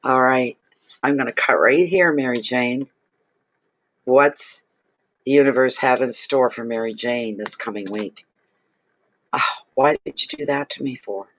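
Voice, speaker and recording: A man's voice: mid-range voice, unhurried, long pauses, fairly bright tone. A man giving a casual tarot reading to camera, gushing and exclaiming over the cards he draws. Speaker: tarot reader.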